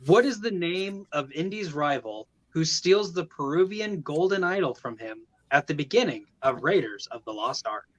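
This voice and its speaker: Bright-voiced man hosting a trivia quiz. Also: a little high, expressive, moderate pace, hardly any pauses, low-quality recording. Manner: reads questions, counts down, jokes. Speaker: trivia host.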